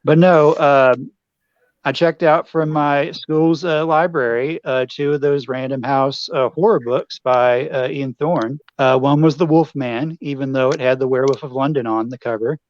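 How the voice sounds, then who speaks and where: A man's voice: mid-range voice, fairly even intonation, moderate pace. A man hosting a casual chat, easygoing, peppering his speech with "uh" and "you know". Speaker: podcast host. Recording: slightly dull lo-fi audio.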